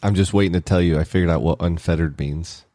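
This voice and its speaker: A man's voice: low voice, fast, dark tone, dry recording, studio quality. A man co-hosting a podcast in casual chat, joking and playful. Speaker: podcast co-host.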